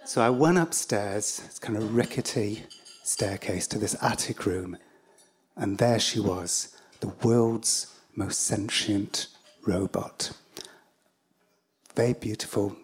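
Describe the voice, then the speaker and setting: An English man tells a personal story on stage. His delivery is wry and rambling, with frequent asides and filler words, and his voice sits at a middle pitch. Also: darkish tone, husky.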